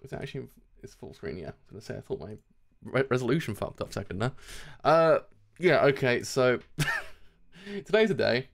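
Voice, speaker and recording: A young man at a home streaming setup, reacting live to a manga with loud enthusiasm. He swears a lot and breaks into laughter often, in a mid-pitched voice of ordinary range. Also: very animated, moderate pace, vocal fry, pauses often.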